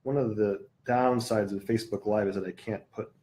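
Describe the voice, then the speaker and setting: A man teaching a live yoga class, explaining in an unhurried way and stopping now and then to correct himself. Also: lowish voice, steady tone, mellow.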